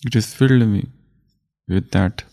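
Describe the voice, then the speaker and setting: A man giving a spiritual discourse as a teacher, speaking slowly and deliberately and repeating his phrases. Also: fairly low pitch, vocal fry, mellow.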